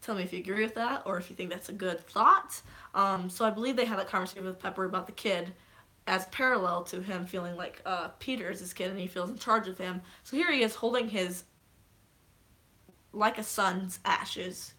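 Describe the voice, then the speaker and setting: A young woman vlogging in casual chat, excitable and rambling, with frequent swearing. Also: mid-range voice, a little fast.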